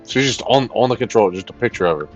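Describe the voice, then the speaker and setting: A man playing a tabletop game, excitable and swearing with loud outbursts. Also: on the low side, fast, lo-fi sound, soft background music. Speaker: player. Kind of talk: tabletop game role-play.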